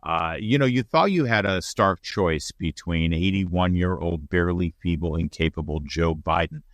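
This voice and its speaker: A man's voice: deep voice, moderate pace, dry recording. A man hosting a show, giving punchy, opinionated political commentary. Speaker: show host.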